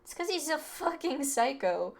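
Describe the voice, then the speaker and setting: Brief: woman let's-play streamer, fairly high voice, blunt, casual cursing. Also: sing-song, moderate pace, gravelly. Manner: blunt, swears freely. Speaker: game streamer.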